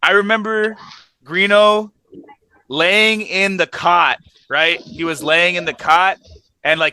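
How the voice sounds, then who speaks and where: A man, a former Navy corpsman, telling war stories in casual chat, animated and laughing as he acts out voices. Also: high voice.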